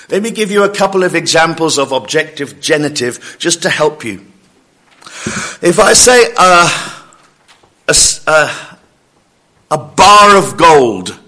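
Slow, bright-voiced male preacher. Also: a little high, lively intonation. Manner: slow, emphatic preaching, quoting scripture with rising intensity. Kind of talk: sermon.

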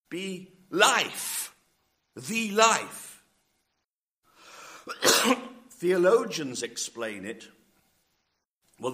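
A man delivering a sermon as a pastor, emphatic and deliberate, rising on key words and coughing now and then. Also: a little high, bright, forceful tone.

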